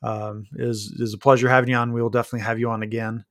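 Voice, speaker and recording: Male podcast host, monotone, dryly joking; medium pitch, dry booth sound. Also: racing, no echo. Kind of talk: casual chat.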